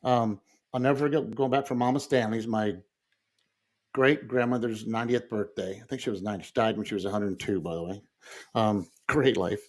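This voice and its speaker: A middle-aged man telling family stories in casual conversation as a podcast guest, lively and chuckling often. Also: lowish voice, a little fast. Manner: animated storyteller who acts out quoted voices, with frequent fillers and chuckles.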